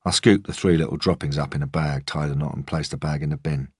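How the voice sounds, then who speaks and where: Male audiobook narrator, very low and husky, measured delivery, dry booth. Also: no room sound. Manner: calm, measured storytelling. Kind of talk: first-person audiobook narration.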